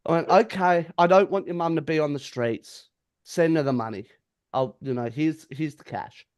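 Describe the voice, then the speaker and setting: A man's voice: on the high side, moderate pace, darkish tone, smooth. A man, a podcast co-host telling a story in casual chat, acting out the quotes and swearing freely.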